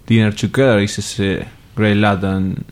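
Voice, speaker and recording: A man speaks in a fairly low voice. His English comes out halting, with the grammar of a Spanish speaker. He chats as a guest in a relaxed interview. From Argentina. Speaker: guest footballer. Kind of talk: casual interview chat.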